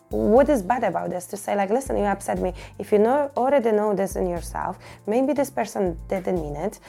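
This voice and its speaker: A woman hosts her own podcast and speaks candidly and emotionally about her life. Her voice is mellow and gravelly, with frequent restarts and repeated words. Soft music plays faintly behind her. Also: medium pitch. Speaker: podcast host and fitness coach. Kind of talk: personal podcast monologue.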